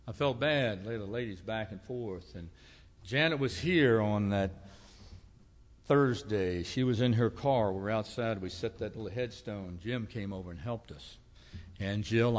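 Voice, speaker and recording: A man preaching in a church, telling homespun stories with gentle humor. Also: fairly low pitch, big-room sound. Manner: folksy storytelling with humor. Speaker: pastor. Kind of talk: sermon. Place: church sanctuary.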